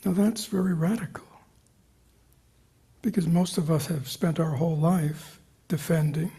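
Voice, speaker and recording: A gravelly, husky meditation teacher gives a dharma talk to a retreat group live in a meditation hall, his voice a little high and a little slow. He keeps the audience engaged with questions and repeated "right?" and "you know," now and then falling into soft whispers.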